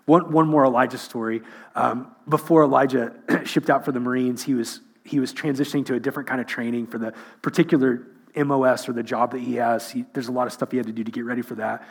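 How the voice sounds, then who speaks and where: A man's voice: medium pitch, steady tone, quick pace, creaky, breathy edge. A middle-aged man preaching a sermon, telling funny self-mocking family stories before landing an earnest point. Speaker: pastor.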